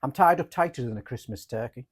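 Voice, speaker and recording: Husky-voiced man telling frank stories. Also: mid-range voice, lively intonation, fast talker. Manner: frank, jokey storyteller. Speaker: therapist and podcast co-host. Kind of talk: candid casual chat.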